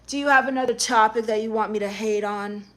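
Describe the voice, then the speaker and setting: A woman live streamer reading chat messages aloud in a sarcastic, mocking way that turns snappy and quick-tempered. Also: a little high, fairly even intonation.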